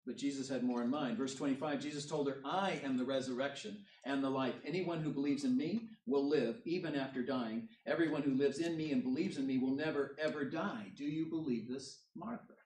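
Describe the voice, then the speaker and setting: A man's voice: mid-range voice, a little fast, hardly any pauses, darkish tone. A man preaching a sermon in a church hall, moving between reading scripture and explaining it. His voice rises to drive each point home. He is heard from a distance, and the room's echo surrounds his words. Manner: reads scripture aloud then explains it, rising emphasis on key points. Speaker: pastor. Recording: roomy echo, voice from far off the mic.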